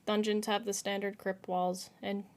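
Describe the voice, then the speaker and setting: A woman's voice: medium pitch, level tone, moderate pace. A woman streamer chatting casually and playfully while she plays a video game. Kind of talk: casual gaming stream chat.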